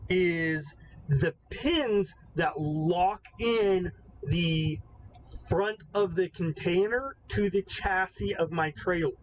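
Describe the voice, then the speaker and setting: A man co-hosting a podcast in casual chat, excitable and explaining things at length. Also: high-pitched, slow pace, dull audio, slight background noise. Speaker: podcast co-host.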